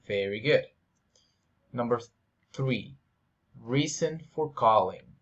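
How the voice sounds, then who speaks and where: A man teaching English, slowly drilling example phrases and repeating them for the listener to practice. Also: mid-range voice, a bit bright. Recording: dull, lo-fi sound.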